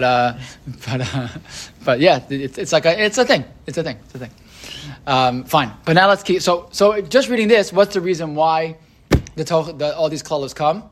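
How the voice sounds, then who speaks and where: A man's voice: mid-range voice, slight background noise. A man teaching an informal class on a religious text, talking in a loose, conversational way with many fillers and restarts, and often asking his students questions.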